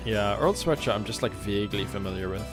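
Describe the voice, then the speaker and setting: A man's voice: lowish voice, quick pace, over music. A British man chatting casually with his live-stream viewers while playing a game, rambling and joking and humming to himself between remarks. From Britain.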